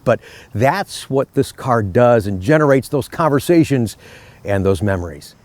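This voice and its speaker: A man's voice: medium pitch, expressive, normal speed, a little mellow. A middle-aged man, a car salesman hosting his own channel, chatting casually and telling friendly stories outdoors in a park. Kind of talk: casual outdoor vlog talk.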